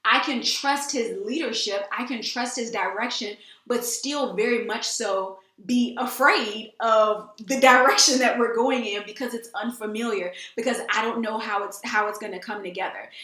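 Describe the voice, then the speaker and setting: A woman's voice: a little high, normal speed, hardly any pauses, sharp tone. A woman hosting a casual faith talk, earnest and emphatic, often repeating phrases. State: teary. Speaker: host. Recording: echoey room.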